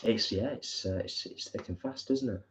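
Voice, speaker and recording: Easygoing man, low voice. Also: moderate pace. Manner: easygoing and agreeable, with many fillers. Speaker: co-host of a live stream. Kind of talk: casual chat reading live comments. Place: living room at home. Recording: dull lo-fi live stream audio.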